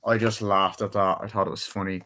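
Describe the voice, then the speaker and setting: A man's voice: sits low, little pitch movement, brisk, bright, forceful tone. A young man chatting casually through a movie review, rambling and swearing freely as he retells favorite scenes.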